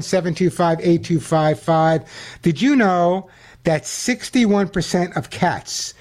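An older man hosting a call-in pet radio show, chatting with callers and reading phone numbers out slowly. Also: a little high, darkish tone. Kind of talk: call-in radio talk and on-air product pitch.

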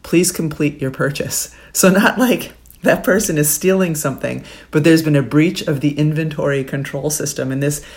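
A woman's voice: low-pitched, moderate pace, few pauses, a little mellow. A woman in her forties, co-hosting a podcast in casual chat, telling rambling stories with many fillers. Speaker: podcast co-host and sports broadcaster.

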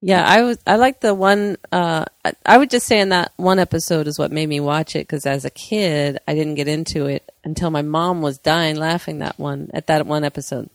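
A woman co-hosting a podcast, telling chatty stories and acting out the quotes, with a creaky voice. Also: deep voice, steady tone, moderate pace, few pauses, dry recording, studio quality. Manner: chatty storyteller, acts out quotes. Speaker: podcast co-host. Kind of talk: casual chat.

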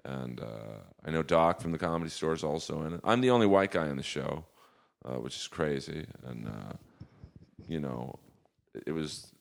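A man with an extremely deep voice and a rough, gravelly fry tells stories in a loose podcast chat. He acts out the people he quotes as he goes. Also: expressive, normal speed. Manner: storytelling, acting out quoted exchanges with shifts in loudness. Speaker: comedian guest.

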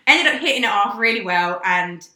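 A young woman from England telling a story in casual chat, animated and swearing, acting out the voices she quotes. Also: mid-range voice, normal speed, reverberant. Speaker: guest.

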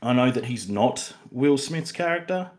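A man's voice: medium pitch, lively intonation, normal speed, a little mellow. A young Australian man co-hosting a casual film review podcast, rambling with many fillers and restarts. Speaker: podcast co-host.

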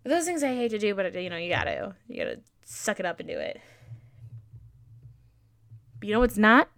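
A woman's voice: medium pitch, wildly swooping pitch, fairly quick, gravelly, fairly bright tone, dry recording. A young woman hosting her own podcast, rambling chattily and poking fun at herself with lots of fillers. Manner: chatty, self-deprecating, digressive, heavy on fillers. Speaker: podcast host. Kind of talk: rambling solo podcast chat.

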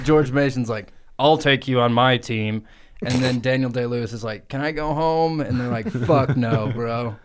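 A man co-hosting a comedy podcast in a studio, riffing a crude absurd story with frequent giggles. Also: mid-range voice. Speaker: podcast co-host. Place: podcast studio, hot room. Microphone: studio microphone.

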